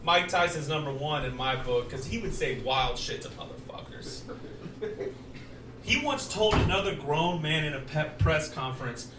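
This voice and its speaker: A man performing a stand-up comedy set, animated, with loud acted outbursts. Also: fairly high pitch, moderate pace, noisy background. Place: comedy stage in a poker room. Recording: roomy live club sound from far off. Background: audience laughter.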